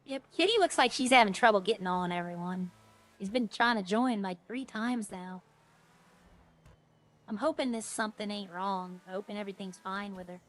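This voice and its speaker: Here a woman in a mid-range voice, speaking at normal speed, streams a game and chats casually with viewers. She thinks aloud and rambles as she plays.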